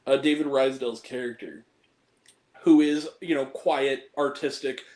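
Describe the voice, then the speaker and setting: An earnest young man chats about the films he loves, speaking openly and with feeling. His voice sits at an everyday middle pitch for a man, and he talks as a host leading the chat with friends. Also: steady tone, measured pace, darkish tone, poor audio. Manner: earnest and heartfelt, quotes movie lines. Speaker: podcast host ranking films. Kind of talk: emotional casual film talk.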